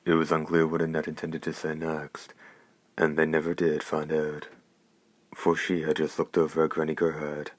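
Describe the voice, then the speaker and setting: A man narrating a novel in a measured, steady reading. His voice is extremely low and barely moves in pitch. The recording is dry and close to the mic. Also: no room sound. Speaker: audiobook narrator.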